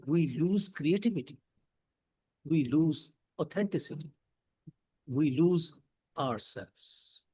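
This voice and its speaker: A man with a Pakistani English accent delivers a prepared motivational speech. He speaks slowly, with dramatic pauses and rhetorical questions. His voice sits fairly high and swings widely in pitch. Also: expressive, husky, low-quality recording. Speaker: club speaker. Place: meeting hall.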